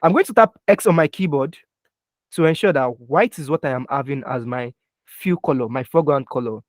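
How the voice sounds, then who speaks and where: A young design instructor guides students through a live online software lesson one keyboard shortcut at a time, stopping frequently to see whether they're following. He speaks fairly quickly at a medium pitch, captured dry and close on a computer mic, keyboard taps heard beneath.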